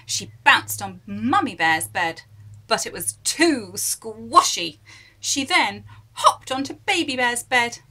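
A woman reading a children's story aloud, expressive and dropping at times to a whisper. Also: mid-range voice, slow, low-quality recording.

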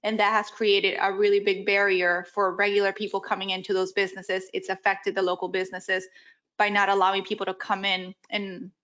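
A woman board member who is losing her voice, speaking in a measured, conciliatory way at a public meeting. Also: mid-range voice, monotone, fairly bright tone. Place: municipal board meeting room. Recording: muffled meeting audio.

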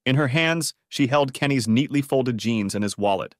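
A man narrating an audiobook story in a steady, expressive storytelling manner. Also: mid-range voice, moderate pace, no room sound, clean studio sound.

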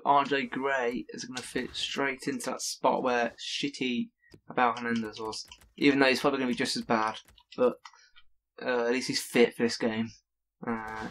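A man giving live gameplay commentary, excitable and swearing often, bursting into loud shouts at the game. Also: medium pitch, slight background noise. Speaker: gaming video creator.

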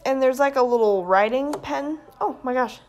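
A woman, vlogging casually at home and excitedly showing things off to her phone camera. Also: sits high, moderate pace, slight background noise. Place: indoors at home.

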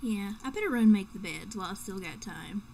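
A woman's voice: medium pitch, animated, brisk, mellow, slight background noise. A young woman playing a video game and commenting casually, joking and swearing as she talks to herself. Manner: joking, profane, talking to herself. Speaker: let's play gamer.

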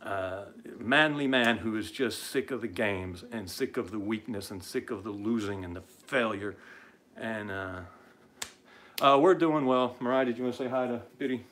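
A man hosting his own online show, speaking off the cuff in a casual live-stream style. He is blunt and combative, fills pauses with "uh" and stammers through frequent restarts. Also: fairly low pitch, a bit bright, a little hiss or hum.

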